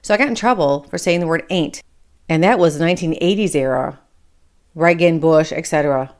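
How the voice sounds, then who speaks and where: Brief: Michigan woman host in her 40s-50s, slightly low voice, blunt and profane, rambling solo commentary. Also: a little fast. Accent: Michigan, with a trace of Appalachian. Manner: blunt, swears casually, drifts off topic. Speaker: podcast host.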